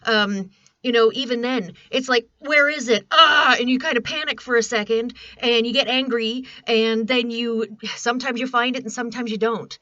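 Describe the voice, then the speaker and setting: A woman's voice: on the high side, steady tone, normal speed, fairly bright tone, dry recording, muffled recording. A woman in her forties chatting casually to camera from her small home studio, rambling and self-deprecating. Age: 40s. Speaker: vlogger.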